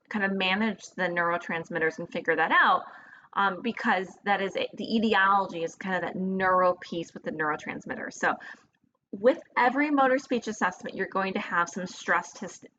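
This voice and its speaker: Brief: woman lecturer, casual and halting, dull recording with faint hiss. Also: medium pitch, pushed and bright. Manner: casual, hesitant, many fillers and restarts.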